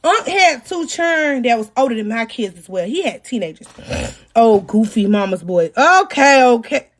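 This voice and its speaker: A woman telling an animated, profane personal story in a storytime vlog, breaking into dramatic shouts. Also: fairly high pitch, normal speed.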